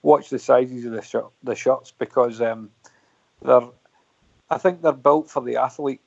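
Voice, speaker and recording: A Scottish man on a radio panel, measured with a dry sense of humour. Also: medium pitch, fairly even intonation, creaky, no echo. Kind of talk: casual radio chat. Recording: dry, dull lo-fi audio.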